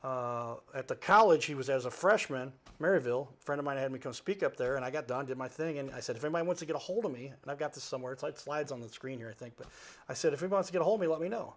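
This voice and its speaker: A man's voice: mid-range voice, very fast. A man, a talk show host who is a guest here, telling a story in a casual, rambling way, with many asides and self-corrections and some laughter. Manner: animated, jumps between asides and self-corrections; laughs while he talks.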